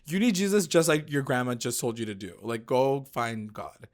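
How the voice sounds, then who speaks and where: A man co-hosting a podcast, recapping a reality show in casual chat, animated and quick to swear and mimic people. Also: mid-range voice. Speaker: podcast co-host.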